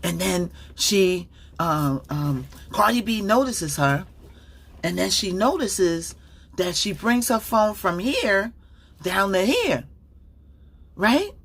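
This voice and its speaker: A woman's voice: medium pitch, big pitch swings, takes it slowly, gravelly, breathy edge. A woman commenting casually on a livestream, rambling and distracted, with many fillers and restarts.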